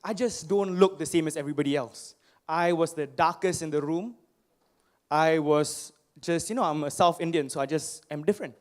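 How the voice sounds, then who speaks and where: A young man, giving a personal storytelling speech to a live audience, animated and self-mocking, often asking the crowd questions. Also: a little high, moderate pace. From Singapore. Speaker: motivational speaker. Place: stage before a live audience.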